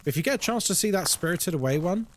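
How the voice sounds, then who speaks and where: Male streamer, chatty live gameplay commentary, fairly high voice with lots of pitch movement. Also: lively intonation, quick pace, a little hiss or hum. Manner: chatty, reacts aloud to the game and greets viewers. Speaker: horror game streamer.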